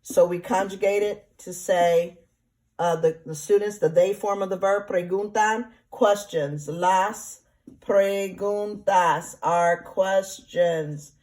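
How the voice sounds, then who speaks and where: A woman's voice: medium pitch, steady tone, a little slow, mellow. A woman teacher explaining grammar step by step in a recorded lesson, patient and repetitive, often checking in with "right?" and "okay?". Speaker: Spanish teacher. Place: classroom or home, remote teaching.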